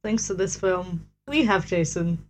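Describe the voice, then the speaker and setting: A woman's voice: fairly low pitch, measured pace, slight background noise. A woman co-hosting a podcast, chatting wryly about a horror film, joking and swearing. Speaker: podcast co-host. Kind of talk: casual film chat.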